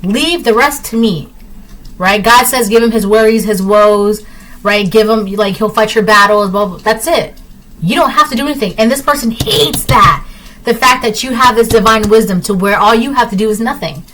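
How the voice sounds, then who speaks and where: Lady doing a casual tarot reading from home, middle pitch, chatty and repetitive, lots of um and like. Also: normal speed, fairly bright tone, low-quality recording. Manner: repetitive, emphatic, conversational with many fillers. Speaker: tarot reader.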